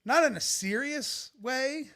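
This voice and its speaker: A man's voice: extremely high pitch, animated, slow pace, pushed and bright, slight background noise. A man co-hosting a live-stream podcast, telling a story animatedly, laughing and swearing freely. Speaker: podcast co-host. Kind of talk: casual live-stream chat.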